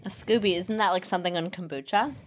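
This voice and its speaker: A woman's voice: on the low side, fast, no room sound, clean studio sound. A woman co-hosting a podcast in casual chat, bubbly and giggly, who swears freely. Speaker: podcast co-host.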